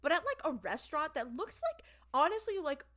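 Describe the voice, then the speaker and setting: A woman's voice: high voice, big pitch swings, fairly quick, a bit bright. A woman co-hosting a podcast, chatting casually with lots of "like" fillers and an exasperated tone. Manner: filler-heavy, exasperated, full of "like". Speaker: podcast co-host. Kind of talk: casual chat.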